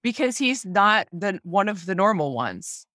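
Bright, quick, wry podcast voice. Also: medium pitch, very animated, dry recording, studio quality. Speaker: podcast co-host. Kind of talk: casual movie review chat.

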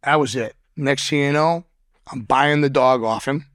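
A man in a podcast interview tells stories in a blunt, cursing way and trips over his restarts as he goes. His voice sits at a middle pitch. The sound is dry and close to the mic. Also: moderate pace, fairly bright tone, smooth, no room sound. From Boston. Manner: profane, blunt storyteller with frequent stammered restarts. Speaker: podcast guest. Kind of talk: casual interview storytelling.

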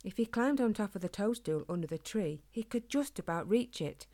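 A woman reading a children's storybook aloud in a calm, gentle, steady way. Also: medium pitch, moderate pace. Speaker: narrator.

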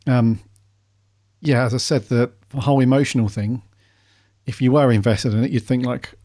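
A man's voice: medium pitch, steady tone, moderate pace, warm tone. A man co-hosting a casual podcast, easygoing and agreeable. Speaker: podcast co-host. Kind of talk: casual chat.

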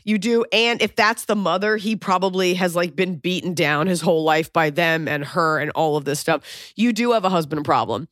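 A woman's voice: fairly low pitch, normal speed, a bit bright, no room sound, studio quality. A woman hosting an advice podcast, talking bluntly and swearing freely as she fires off questions in casual chat. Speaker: podcast host giving advice.

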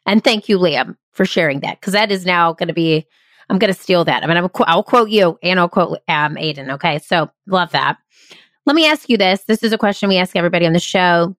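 A woman's voice: fairly low pitch, lively intonation, brisk, a bit bright, no echo, studio quality. A woman hosting an interview podcast, talking in an effusive, enthusiastic way. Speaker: podcast host. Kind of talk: casual interview chat.

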